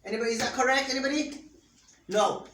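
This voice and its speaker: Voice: high voice, fast, fairly bright tone, a little hiss or hum. A teacher giving an interactive lesson to a class, patiently asking pupils questions and modelling sounds for them to repeat. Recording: roomy classroom picked up from a distance.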